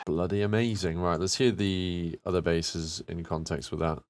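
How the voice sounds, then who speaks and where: A man's voice: low voice, steady tone, normal speed. A young man, a music producer, chatting casually and upbeat as he talks through making a track in his home studio. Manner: chatty, upbeat, lots of fillers and self-talk. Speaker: music producer, channel host. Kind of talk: casual tutorial commentary while producing. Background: electronic music playing.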